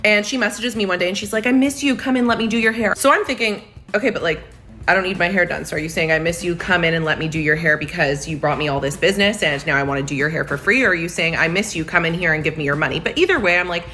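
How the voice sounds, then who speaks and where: Fast, bright-voiced young woman telling a story. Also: on the low side. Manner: fast, animated, indignant storytelling. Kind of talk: casual storytime chat.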